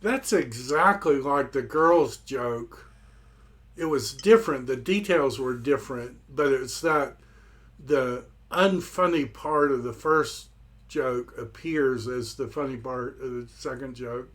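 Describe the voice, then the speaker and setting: A man teaching a language course, asking gentle, curious questions in a relaxed way. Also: medium pitch, takes it slowly.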